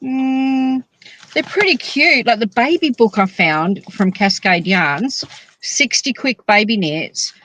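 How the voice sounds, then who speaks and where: A woman's voice: on the high side, animated, slow, fairly bright tone, low-quality recording. A woman co-hosting a casual knitting chat, joking and teasing, talking from a parked car. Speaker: podcast co-host.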